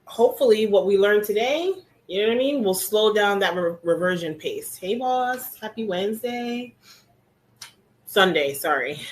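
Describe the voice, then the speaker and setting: A woman hosting a hair care class on a live stream, chatting casually and greeting each viewer by name with relaxed slang, speaking from an indoor room. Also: medium pitch, moderate pace, low-quality recording. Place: indoor room with air conditioning.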